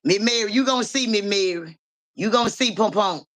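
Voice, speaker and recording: Sharp-voiced woman reader talking street slang. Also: mid-range voice, fairly quick. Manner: profane street slang, keeps asking "you hear me"; calls out viewers by name. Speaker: livestream psychic reader. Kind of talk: casual livestream talk.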